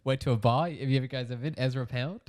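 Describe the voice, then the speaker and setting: A man's voice: mid-range voice, fast, darkish tone. A young Australian man co-hosting a podcast, rambling casually with a lot of "like" fillers. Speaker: podcast co-host. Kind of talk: casual chat.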